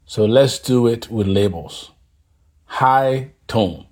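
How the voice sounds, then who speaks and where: A man teaching a language lesson, drilling tones slowly and deliberately, leaving pauses for the listener to repeat after him. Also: mid-range voice, darkish tone, husky. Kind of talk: scripted pronunciation lesson.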